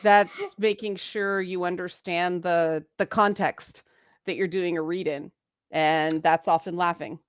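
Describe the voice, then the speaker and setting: Brief: middle-aged woman, livestream co-host, animated, dry close sound. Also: on the low side, a little slow, clear, resonant tone, no echo. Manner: animated, acts out voice examples. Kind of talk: casual livestream chat.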